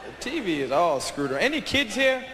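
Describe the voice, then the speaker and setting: A man doing stand-up comedy, bantering loudly and brashly with the crowd in a big concert hall. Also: high-pitched, big pitch swings, fairly quick. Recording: echoey hall with loud crowd and noise.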